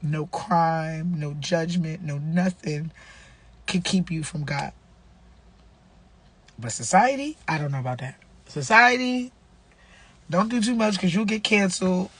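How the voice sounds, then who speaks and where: A woman's voice: low voice, moderate pace, breathy edge. Woman giving a casual, preachy devotional talk. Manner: conversational, repeats herself, slangy, preachy. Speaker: vlogger running a nonprofit.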